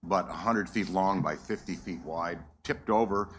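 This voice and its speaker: Low-voiced Canadian man, interview clip, earnest and rambling with fillers. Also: moderate pace, a bit bright, slight background noise.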